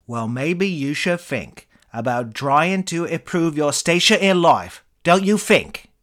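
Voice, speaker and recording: A man voicing an enraged, crude middle-aged British comedian with an English accent, shouting and sneering. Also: a little high, lively intonation, slow, voice pushed up. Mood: mocking.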